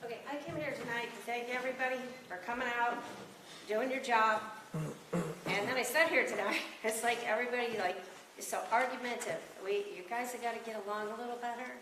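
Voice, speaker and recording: A woman's voice: a little high, brisk. A woman giving an earnest, rambling, emotional public comment at a county board meeting. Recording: echoey room, distant mic, noticeable noise.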